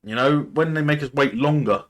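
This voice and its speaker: A man's voice: fairly high pitch, normal speed. A man hosting a TV reaction video, casually thinking aloud and speculating, often restarting his sentences.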